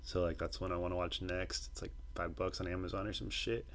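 A man's voice: low-pitched, level tone, a little fast. A young man co-hosting a podcast, chatting casually and profanely in a loose, rambling way. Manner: rambling, loose, puts on loud mocking voices when quoting people. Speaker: podcast co-host.

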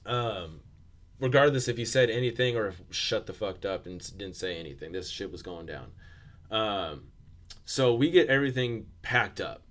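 A man's voice: lowish voice, animated, moderate pace, fairly bright tone. A young man telling a rambling, profanity-laden story in casual podcast chat, with lots of fillers and restarts.

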